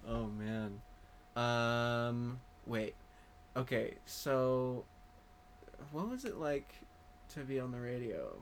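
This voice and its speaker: A woman's voice: very deep voice, expressive, takes it slowly, long pauses, a little hiss or hum. A woman hosting a podcast in a casual, jokey chat. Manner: jokey, laughs a lot. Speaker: podcast host.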